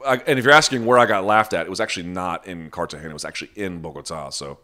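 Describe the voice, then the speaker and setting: Brief: low-voiced male live-chat host, blunt and profane, unscripted. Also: rapid-fire, pushed and bright. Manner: blunt, profane, talks off the cuff. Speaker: live chat host answering viewer questions. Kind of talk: casual live-stream chat.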